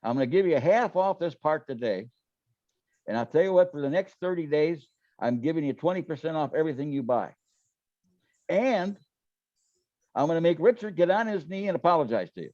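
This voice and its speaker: He's a guest in a casual storytelling interview, with a slightly high, mellow, expressive voice and a brisk pace broken by frequent pauses. Folksy business stories come with repeated words and acted-out dialogue, recorded lo-fi with no echo.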